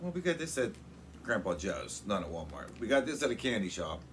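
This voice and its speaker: Male host, casual jokey snack-review chatter, very animated pitch, faint background noise. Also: a little fast. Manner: lively, jokey, upbeat. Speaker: channel host.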